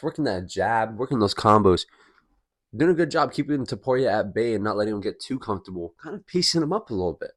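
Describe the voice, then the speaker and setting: A young man with a hoarse, worn voice, still getting over being sick, talking casually and rambling as he breaks down a fight night. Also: medium pitch. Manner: chatty, rambling, lots of restarts. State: hoarse, recovering from illness. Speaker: MMA commentary vlogger.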